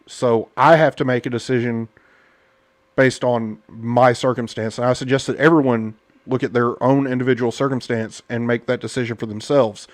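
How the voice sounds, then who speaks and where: A man's voice: medium pitch, steady tone, normal speed, no echo. Blunt, rambling podcast host man. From United States. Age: adult parent. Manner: rambling, blunt and indignant, many fillers. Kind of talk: casual political podcast chat.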